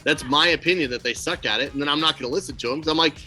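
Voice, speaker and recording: A man's voice: on the high side, racing, soft background music. A man co-hosting a casual podcast, telling stories with acted-out quotes and blunt, swearing asides. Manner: animated storyteller, acts out quotes. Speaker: podcast co-host. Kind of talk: casual chat.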